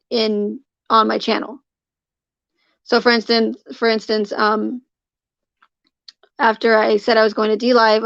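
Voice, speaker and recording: A woman's voice: on the high side, creaky, no room sound, lo-fi sound. A woman live streaming, chatting casually with her viewers, rambling with lots of fillers and restarts and greeting people in the chat by name.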